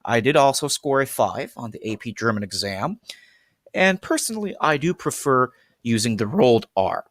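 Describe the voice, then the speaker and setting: A man's voice: medium pitch, animated, normal speed, a bit bright, dry recording, studio quality. A young man giving an earnest lesson presentation on pronunciation, with frequent fillers and restarts. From United States. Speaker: language teacher. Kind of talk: explanatory presentation.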